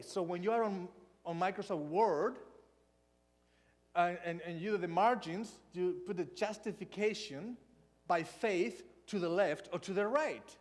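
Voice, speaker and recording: A man with a Hispanic accent delivers a sermon in a church hall. His voice is high for a man, and he talks slowly and deliberately, acting out small dialogues as he tells his stories. The sound carries a long church reverb. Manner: storytelling, animated with mock dialogue. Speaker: preacher.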